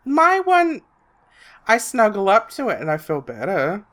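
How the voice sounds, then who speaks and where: Laid-back guy rambling through a story, slow and chuckly. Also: high-pitched, wildly swooping pitch, a bit bright. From lives in England. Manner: slow, meandering storytelling with frequent laughs. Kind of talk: casual chat among friends.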